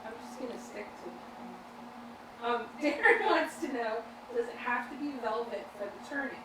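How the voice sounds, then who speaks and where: A woman's voice: on the high side, normal speed. A woman co-hosting a live stream, reading viewer questions aloud in a chatty, giggly, self-deprecating way. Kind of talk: casual live-stream chat. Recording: echoey room, off-mic, noisy.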